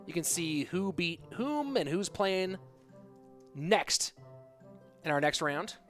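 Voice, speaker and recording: A man calling an esports match live, his voice sitting high. He talks quick and chatty, tossing jokes to the audience, with music under him. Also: sing-song, fairly bright tone. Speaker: esports caster. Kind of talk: live play-by-play commentary.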